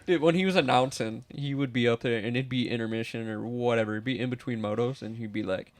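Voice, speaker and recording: A man's voice: medium pitch, quick pace, few pauses, no echo. A man co-hosting a motocross talk show, rambling through old race stories in an easy, casual way. He slips into goofy announcer impressions mid-tale. The studio sound is close and dry. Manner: loose storyteller, mimics announcers in his anecdotes. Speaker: podcast co-host. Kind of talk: casual chat. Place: small studio.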